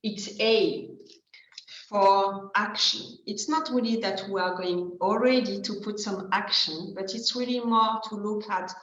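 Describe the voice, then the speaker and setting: A woman's voice: mid-range voice, measured pace, a bit bright, roomy sound, highs cut off, slight background noise. A woman with a French accent, a coach explaining her method hesitantly with many fillers in a casual video chat. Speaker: transformation coach, co-host.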